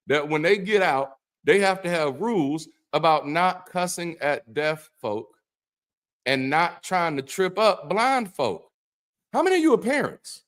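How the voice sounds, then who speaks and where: Profane, animated ex-preacher man. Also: sits high, a little slow. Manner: profane, animated, swings from mock-preacher solemnity to incredulous outbursts. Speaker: ex-pastor host. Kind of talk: irreverent Bible commentary.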